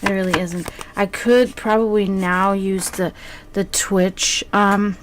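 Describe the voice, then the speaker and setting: A woman's voice: medium pitch, steady tone, takes it slowly, noisy background. A woman streamer chatting casually with her viewers, rambling with many fillers and restarts.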